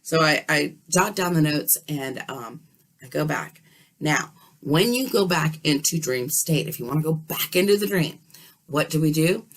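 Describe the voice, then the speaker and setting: A woman telling a story in a casual, animated way, often checking in with her listener. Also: sits low, unhurried. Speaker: dream vlogger.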